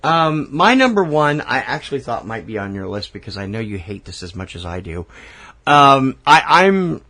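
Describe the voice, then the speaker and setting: Blunt cohost, voice swings up and down a lot, mid pitch. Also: very animated, normal speed, a bit bright. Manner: blunt, emphatic. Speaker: podcast co-host. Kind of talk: casual chat.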